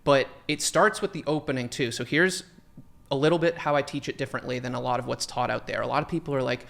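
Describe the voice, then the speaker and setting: A man's voice: mid-range voice, fast, vocal fry. Man acting out sales lines. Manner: animated, acts out sample sales lines. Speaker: sales trainer guest. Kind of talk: conversational sales advice.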